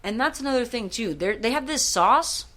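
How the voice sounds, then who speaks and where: A woman co-hosting a podcast, telling a rambling story in casual chat, swearing freely and breaking into excited bursts. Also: fairly high pitch, moderate pace. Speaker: podcast co-host.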